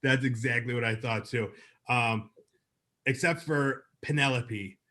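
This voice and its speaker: Man, podcast co-host, casual review chat, mid-pitched, upbeat, chatty. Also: a little slow, bright, forceful tone. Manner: chatty, upbeat, filler-heavy.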